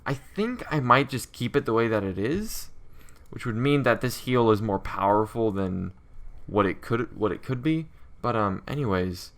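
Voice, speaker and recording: A man's voice: mid-range voice, expressive, moderate pace, fairly bright tone. A man giving a casual coding walkthrough as a game developer, thinking aloud with lots of fillers.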